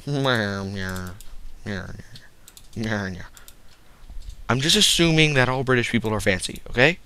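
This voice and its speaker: A man's voice: mid-range voice, unhurried, sharp tone, a little hiss or hum. A man giving casual gameplay commentary, rambling and joking to his viewers. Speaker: game commentator.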